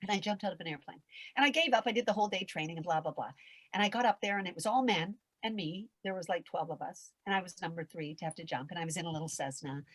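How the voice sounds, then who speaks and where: Speaking quickly in a voice on the low side, this older woman, a seasoned performer, recounts a story on a podcast. Dramatic and candid, she performs the voices, shouts in her anecdotes and curses casually. The sound is dry.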